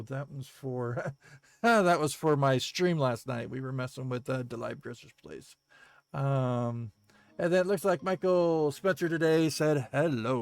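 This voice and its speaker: A man giving casual gameplay commentary, reading viewer comments aloud in a halting way with many ums and uhs and the odd chuckle. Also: mid-range voice. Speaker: gaming video creator.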